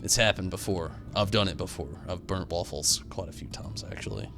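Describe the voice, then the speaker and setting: Rambling, animated young male streamer. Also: deep voice, fairly quick, hardly any pauses, soft background music. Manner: rambling, animated storytelling with swings into loud outbursts; reads out and answers viewer chat. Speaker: game streamer. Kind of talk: casual live-stream commentary.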